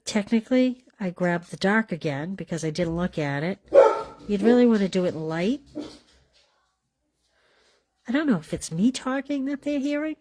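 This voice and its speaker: A woman's voice: mid-range voice, animated, moderate pace, long pauses, a little mellow, a little hiss or hum. Chatty woman demonstrating card coloring. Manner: chatty, talks while coloring, trails off mid-sentence. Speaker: card-making class host. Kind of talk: casual live craft demonstration.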